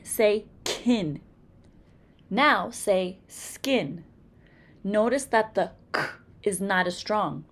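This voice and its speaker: A woman's voice: mid-range voice, slight background noise. A woman with a Massachusetts accent teaching a phonics lesson, carefully sounding out example words one by one. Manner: slow, deliberate, over-articulating example words.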